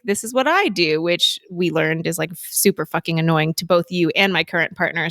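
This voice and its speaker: A woman's voice: on the low side, a bit bright, no room sound, clean studio sound. A woman hosting a podcast in casual, reflective chat, talking candidly, laughing often and swearing freely. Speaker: podcast host.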